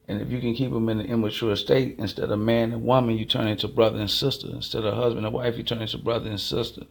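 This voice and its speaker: A man with a Chicago accent delivering a rambling, casual monologue, telling stories fast and acting out both sides of the exchanges. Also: medium pitch, level tone, vocal fry. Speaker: channel host.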